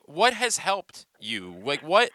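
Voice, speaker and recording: A man's voice: fairly high pitch, wildly swooping pitch, slow pace, sharp tone, no room sound. A man hosting a radio interview, asking questions with eager, stumbling starts. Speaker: radio host.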